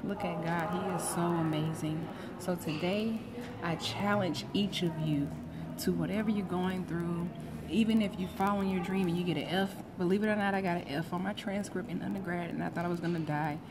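A woman's voice: on the low side, steady tone, a little fast, background noise. A woman, talking to viewers on a livestream at her graduation and preaching about her faith. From Florida, USA. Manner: heartfelt, preachy, greets viewers by name. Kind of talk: emotional live broadcast talk. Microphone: phone livestream. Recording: music playing behind.

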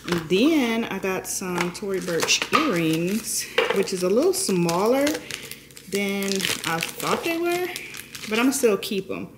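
A woman's voice: mid-range voice, sing-song, slow, very noisy. A middle-aged woman vlogging casually to camera, chatty and folksy, often laughing as she talks.

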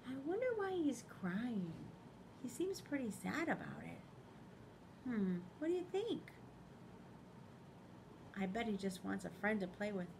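A woman principal reading a picture book aloud to children in a school library, expressive, pausing to ask them questions. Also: medium pitch, vocal fry, noisy background.

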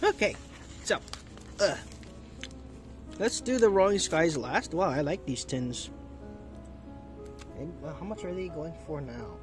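A man's voice: on the high side, animated, measured pace, long pauses, faint music behind. A man with the hiccups doing chatty, easily delighted commentary while opening trading card packs and thinking aloud. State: has the hiccups. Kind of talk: casual unboxing commentary.

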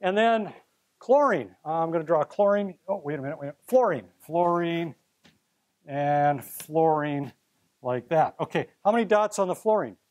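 A man's voice: fairly high pitch, animated, normal speed, darkish tone. A middle-aged man teaching chemistry to a live class, playful and theatrical, coaxing students up to help him at the board. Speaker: chemistry professor.

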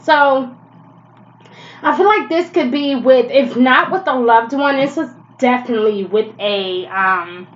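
A woman's voice: high-pitched, measured pace, muffled recording. Chatty, blunt tarot reader woman. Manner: chatty, blunt, swears freely, laughs often. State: stuffy nose from allergies. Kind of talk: casual tarot reading to camera.

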